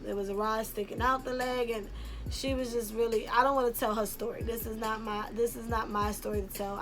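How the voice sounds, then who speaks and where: A young woman from Brooklyn tells a personal story in a casual, rambling way, full of "like" and "um". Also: mid-range voice. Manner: candid and rambling, heavy on "like" and "um". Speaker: YouTuber telling a personal story.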